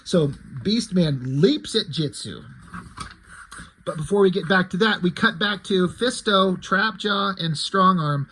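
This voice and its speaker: A man's voice: sits high, measured pace, pushed and bright, a little hiss or hum, rough recording. A man, a comic creator, casually recapping his story in a loose, rambling way.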